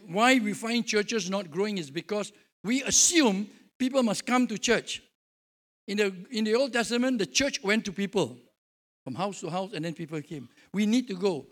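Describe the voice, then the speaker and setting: A man preaching a sermon as pastor, jovial and telling stories with acted-out dialogue. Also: high voice.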